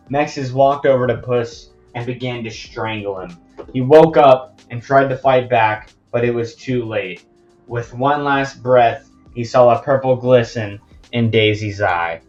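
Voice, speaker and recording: A man's voice: medium pitch, unhurried. A young man narrates a story casually, rambling and chatty with many asides. His voice sits mid-range for a man. A muffled lo-fi mic and faint music sit behind him. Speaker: fan storyteller.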